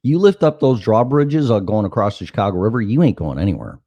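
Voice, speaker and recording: A man's voice: lowish voice, fast, dry recording, lo-fi sound. A middle-aged man hosting a talk show, telling stories casually, with profanity and acted-out dialogue. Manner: animated, profane, acts out dialogue. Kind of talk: casual chat, anecdotal storytelling.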